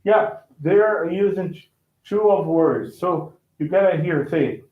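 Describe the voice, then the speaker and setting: Male teacher, slightly high-pitched, repetitive, on an echoey phone-quality line. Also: slow. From Brazil. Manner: repetitive, restarts phrases and checks with "right?". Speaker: language teacher. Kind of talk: casual online lesson.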